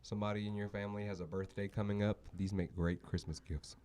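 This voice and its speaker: A man's voice: fairly low pitch, little pitch movement, quick pace, dark tone, slight background noise. A man hosting a live stream, bantering and teasing his guests in a playful way. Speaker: host.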